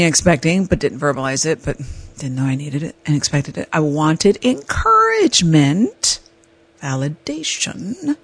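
A woman hosting an advice podcast, telling a personal story in a candid, animated way. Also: deep voice, breathy edge, no echo. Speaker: podcast host.

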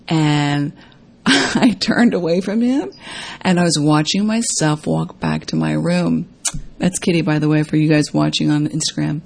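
A woman hosting a casual self-help talk to viewers, chatty and full of fillers, acting out quoted lines in a higher voice. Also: darkish tone. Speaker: host.

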